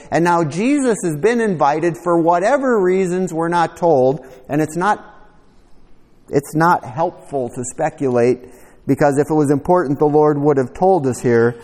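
A man preaching a conversational sermon, teaching verse by verse with animated asides. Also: a little high, long reverb tail. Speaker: pastor.

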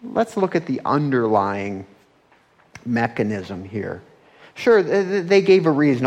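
A man delivers a sermon in a chatty, conversational way. He keeps checking in with his listeners and rises in pitch and volume as he gets animated. His voice sits in an ordinary middle register. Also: measured pace, highs cut off. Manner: conversational, often asks "right?" and rises in pitch when animated. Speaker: pastor.

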